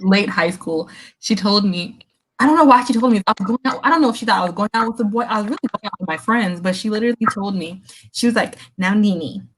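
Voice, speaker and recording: A young woman co-hosting a podcast, telling animated stories in casual chat and laughing often. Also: mid-range voice, slight background noise, poor audio. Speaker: podcast co-host.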